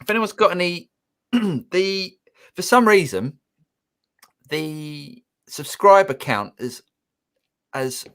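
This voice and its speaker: A man's voice: sits high, expressive, takes it slowly, pauses often, fairly bright tone, smooth. A man co-hosting a live music Q&A stream, upbeat and reading out viewer comments and questions. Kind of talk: casual live-stream chat.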